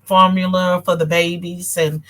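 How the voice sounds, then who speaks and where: A woman's voice: lowish voice, little pitch movement, measured pace, a bit bright. A woman from North Carolina with a country twang, hosting a casual political talk show and chatting with viewers. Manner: chatty, addresses viewers as y'all, reads comments. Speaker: show host.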